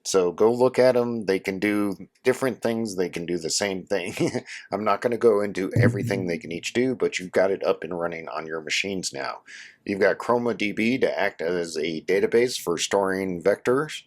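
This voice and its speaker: Man, very deep voice, hoarse from a cold, casual tech tutorial host. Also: moderate pace. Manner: casual, instructive, addresses viewers as guys. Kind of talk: screen-share tutorial walkthrough.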